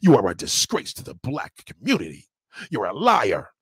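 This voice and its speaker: A man's voice: medium pitch, huge pitch swings, normal speed, husky, dry recording, clean studio sound. A man hosting a livestream, scolding a viewer in a heated, repetitive rant. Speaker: livestream host. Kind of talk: ranting commentary.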